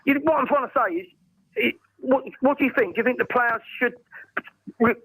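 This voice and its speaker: A man's voice: extremely high pitch, brisk, fairly bright tone, breathy edge, poor audio. A man co-hosting a casual fan podcast, thinking aloud with many restarts. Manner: hesitant, restarting, thoughtful. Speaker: podcast co-host.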